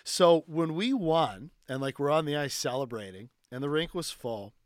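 Male podcast guest, animated, filler-heavy storyteller, dry close sound. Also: fairly high pitch, normal speed, no room sound. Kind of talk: casual storytelling.

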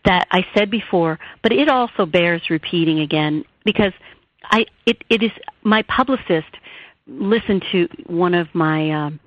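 A woman's voice: lowish voice, a little slow, dry recording. A woman author and therapist, telling a personal story in an earnest, heartfelt way during an interview. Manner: earnest, heartfelt, rises and falls with emotion. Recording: tinny phone line.

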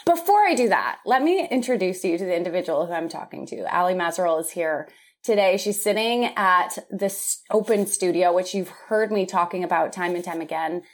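Emotional, chatty woman podcast host. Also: on the low side. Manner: open, emotional, warm laughter. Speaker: podcast host and health coach. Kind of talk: casual interview chat. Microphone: video call.

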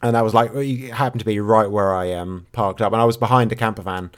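Deadpan man, lowish voice. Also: fast. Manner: dry, deadpan humour, relaxed rambling. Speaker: podcast co-host. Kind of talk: casual chat.

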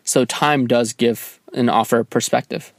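Gravelly-voiced man, calm and measured. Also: medium pitch, no room sound, clean studio sound. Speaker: podcast co-host talking with his partner. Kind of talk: casual chat.

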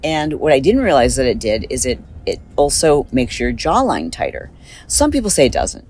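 A woman's voice: very deep voice, normal speed, a little hiss or hum, rough recording. Chatty woman with a slight lisp. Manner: chatty, rambling, animated. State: slight lisp from dental work. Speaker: podcast host. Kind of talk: casual chat, recorded on the go. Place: in a car.

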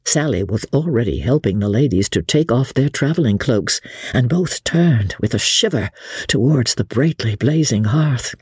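A woman narrating a classic novel as an audiobook in an expressive storytelling manner. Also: very deep voice, normal speed, slightly rough, no room sound, studio quality.

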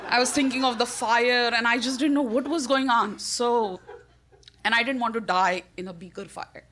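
A woman with an Indian accent telling a personal story on stage, animated and self-mocking, laughing often between lines. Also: a little high.

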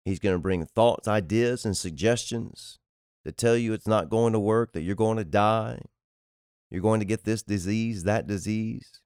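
A man's voice: fairly low pitch, unhurried, a little mellow, clear, resonant tone, no room sound, clean studio sound. A man preaching on a podcast in an emphatic, repetitive cadence, reading and expounding scripture. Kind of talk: sermon-style podcast teaching.

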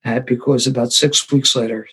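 A man's voice: medium pitch, steady tone, normal speed, fairly bright tone, breathy edge. An older man, telling his recovery story at a sober meeting with self-deprecating humor. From Philadelphia.

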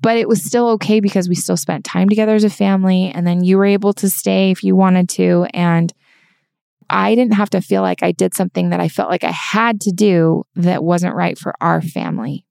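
A woman's voice: fairly low pitch, fairly quick, creaky, darkish tone, no echo, clean studio sound. A woman co-hosting a podcast, talking earnestly and encouragingly through examples in casual conversation. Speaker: podcast co-host.

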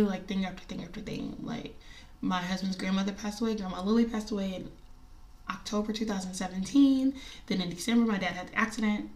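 Woman, 30s, chatty and heartfelt storyteller, mid-pitched voice, recorded slightly off-mic. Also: recorded from a distance. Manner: chatty, emotional, many fillers, laughs often. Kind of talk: personal story, casual talk.

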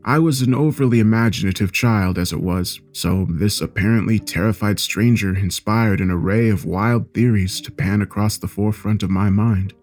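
Low-voiced man narrating a horror story. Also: faint music behind. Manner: measured, steady storytelling.

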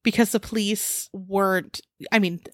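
A woman's voice: medium pitch, fairly even intonation, unhurried, dry recording, clean studio sound. A woman co-hosting a true-crime podcast in casual chat. She talks in an upbeat, chatty way. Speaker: podcast co-host.

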